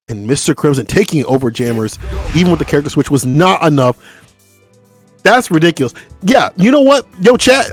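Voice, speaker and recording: Hyped male fighting game commentator. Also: high voice. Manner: excitable, hype, talks to chat. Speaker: esports commentator.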